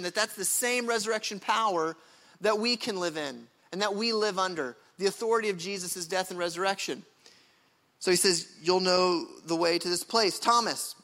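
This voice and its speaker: Bright, high-voiced man preaching with emphasis. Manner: emphatic, repeats words when building a point; casual, uses slang. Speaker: pastor. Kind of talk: sermon.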